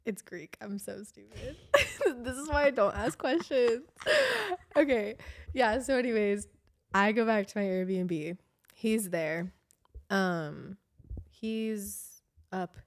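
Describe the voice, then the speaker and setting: A young woman casually telling a long story on a podcast, animated and full of "like". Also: fairly high pitch, slow. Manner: chatty, animated, heavy use of "like", laughs often. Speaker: podcast co-host.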